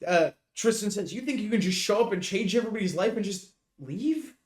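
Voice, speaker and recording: A man with a fairly high voice talks through a story in loose, rambling chat, tripping over fillers and swearing freely. His voice rings out in an echoey room, podcast co-host style. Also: expressive, a little fast. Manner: rambling and profane, many fillers. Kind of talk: casual recap chat.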